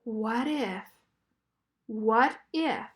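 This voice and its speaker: A woman voicing an anxious, sniffly young male elephant from a storybook who stammers and bursts into loud sneezes. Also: on the high side, extremely slow, pitched below the performer's own voice. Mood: worried.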